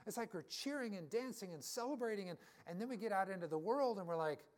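A man's voice: high-pitched, lively intonation, fast. A middle-aged man, a pastor, giving a conversational sermon and telling personal stories to his congregation. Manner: storytelling, personal anecdotes.

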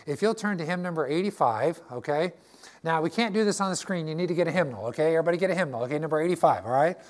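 A man's voice: fairly high pitch, animated, very fast. Older guy preaching in church, folksy and jokey, keeps asking okay?. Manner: folksy, joking, checks in with "okay?". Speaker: pastor. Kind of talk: sermon. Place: church sanctuary.

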